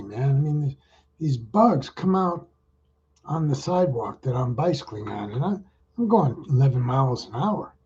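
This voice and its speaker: A man's voice: fairly high pitch, a little mellow, husky, lo-fi sound. A middle-aged man who chats casually and rambles with fillers, then leads a guided loving-kindness meditation for a group. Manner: rambling, chatty, with fillers and restarts.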